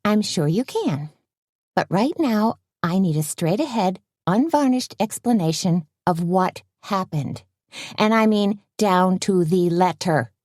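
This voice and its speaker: A woman's voice: mid-range voice, animated, unhurried, darkish tone, dry recording, clean studio sound, voice pushed up. Woman doing a bossy, exasperated wife. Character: brash anxious woman scolding her husband.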